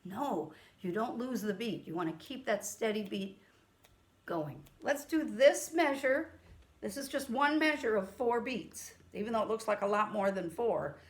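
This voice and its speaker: A woman's voice: mid-range voice, expressive. A woman teaching a music lesson to children over a camera, chanting rhythm syllables. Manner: counts and chants rhythm syllables, slow and patient. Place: room with a keyboard. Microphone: camera mic.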